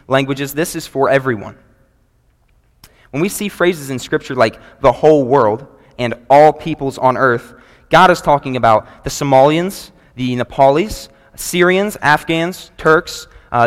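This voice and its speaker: A man, preaching a sermon to a congregation in an earnest, measured way and reading scripture aloud. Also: medium pitch. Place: church sanctuary before a congregation. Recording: long reverb of a large hall.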